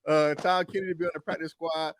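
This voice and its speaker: A man hosting a casual sports podcast, loose and excitable, laughing between points. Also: on the high side, quick pace, slight background noise. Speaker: podcast host.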